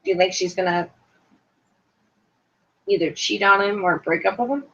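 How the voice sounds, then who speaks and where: Bantering about reality TV on a podcast she co-hosts, a woman in her thirties is blunt, teasing and playfully profane. She has a mid-range, slightly bright voice at normal speed, captured in a dull lo-fi home recording.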